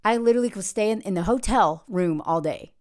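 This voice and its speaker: A woman's voice: medium pitch, a little fast, a little mellow. A woman who makes online videos talks in a casual personal vlog. She rambles, interrupts herself, uses many fillers, and is reflective and candid. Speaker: content creator.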